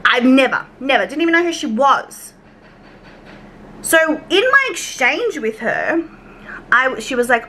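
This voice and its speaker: A young woman with an Australian accent tells a rambling storytime rant in a bright, somewhat high voice. She swears casually, drifts onto side tangents and acts out her back-and-forth conversations. A faint background hiss sits under the recording. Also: sing-song, normal speed, poor audio. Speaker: YouTube commentary vlogger.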